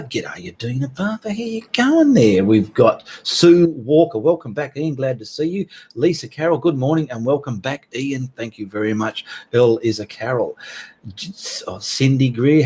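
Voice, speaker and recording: A man's voice: mid-range voice, darkish tone, husky. A middle-aged Australian man hosting a casual livestream, chatting in a rambling way and greeting viewers by name. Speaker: livestream host.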